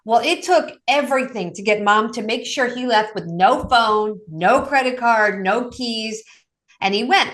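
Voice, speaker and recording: A woman with a fairly high voice tells stories from her work as an addiction coach. She talks in a lively, animated way and acts out the quotes of the people in her stories. It is a casual interview. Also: measured pace.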